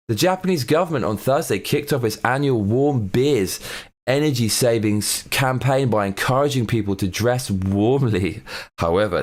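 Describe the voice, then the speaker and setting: A man hosting a comedy news show, reading out articles and mocking them in a sarcastic, profane rant. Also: fairly low pitch.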